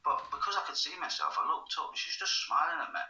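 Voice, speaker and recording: A man's voice: on the high side, sing-song, quick pace, sharp tone, roomy sound, distant mic, lo-fi sound. A man from England telling a long personal story in casual, rambling speech, swearing freely and often slipping into half-whispers. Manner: rambling, swears casually, frequent "you know what I mean", drops into half-whispers. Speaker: vlogger.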